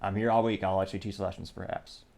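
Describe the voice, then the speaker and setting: A man's voice: low-pitched, flat delivery, fast, creaky, a little mellow. A man hosting his own podcast, talking through tech news in a loose, sarcastic monologue full of asides and restarts. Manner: sarcastic, self-interrupting, digressive. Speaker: podcast host. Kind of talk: casual commentary monologue.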